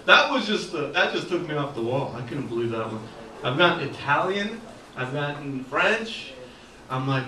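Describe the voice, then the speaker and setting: A male stand-up comic works through a loose, self-deprecating set, full of uhs and ums. His voice sits slightly high and bounces around a roomy gallery. It is caught from a distance, with steady noise behind him. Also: normal speed. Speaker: stand-up comedian. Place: art gallery open mic night. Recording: echoey room recorded from far off, noisy. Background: audience ambience and laughter.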